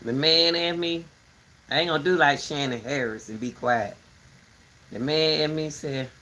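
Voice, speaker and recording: A woman hosting a casual rambling chat, animated and talkative, turning between her dogs and her viewers. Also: deep voice, normal speed, slight background noise. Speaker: commentary channel host.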